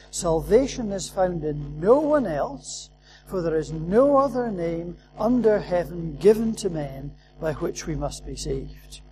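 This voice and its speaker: A man's voice: sits high, dark tone, slight background noise, poor audio. A man preaching a sermon, earnest and emphatic, repeating his key phrases for weight.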